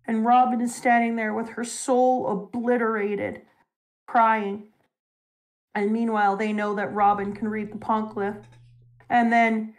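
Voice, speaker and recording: A young adult woman hosting a casual talk show, retelling a story with animated, emotional energy. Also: medium pitch. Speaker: show host. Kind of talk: casual chat retelling a manga.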